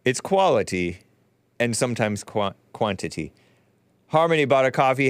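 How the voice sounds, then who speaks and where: A man's voice: medium pitch, sing-song, moderate pace, pauses often, smooth, dry recording. A man hosting a live talk show, reading viewer messages aloud with wry, chuckling, offhand asides.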